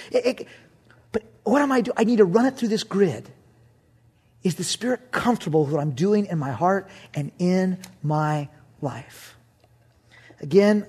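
A middle-aged pastor with a husky voice preaches in a high register. He keeps it conversational and joking, slipping in acted-out quotes between his points. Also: darkish tone. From Southern California. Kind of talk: sermon.

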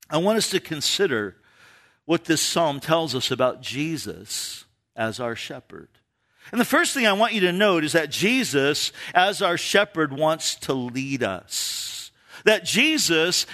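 A middle-aged man preaching a sermon as a pastor, animated, dropping his voice low for emphasis.

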